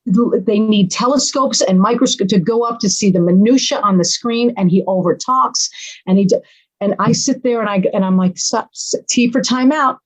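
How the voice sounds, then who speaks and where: A middle-aged woman speaks as a podcast guest in casual conversation. She is animated and dramatic and slips into little acted-out quotes. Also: mid-range voice, moderate pace, poor audio.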